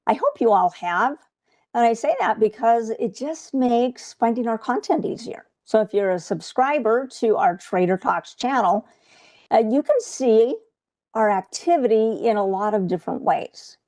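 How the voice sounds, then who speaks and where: A woman's voice: a little high, expressive, measured pace, a little mellow. A woman coaching viewers through a live trading webcast in a chatty way, often checking in with "okay?".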